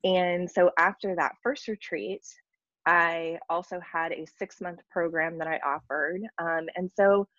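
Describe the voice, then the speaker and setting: A woman's voice: fairly low pitch, fairly even intonation, measured pace, fairly bright tone, no echo, lo-fi sound. A woman business coach talking earnestly in an interview, tired after little sleep, with many ums and likes. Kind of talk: casual interview conversation.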